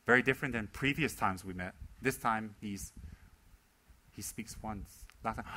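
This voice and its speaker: Guy giving a casual buddhist teaching, bright tense voice, animated, acts out conversations. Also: lowish voice, normal speed, a little hiss or hum, poor audio. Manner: conversational and animated, mimics quoted voices, repeats words for emphasis. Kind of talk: informal dharma talk.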